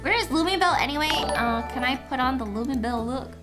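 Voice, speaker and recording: A woman's voice: sits high, animated, brisk, loud music behind the voice. A woman streaming a farming game, chatting casually with a friend in a giggly, playful, teasing way.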